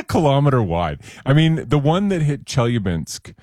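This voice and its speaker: A man's voice: medium pitch, very animated, moderate pace, darkish tone, no room sound, clean studio sound. A man speaking as the science expert on a radio talk show, explaining things in a casual, chatty way with small jokes.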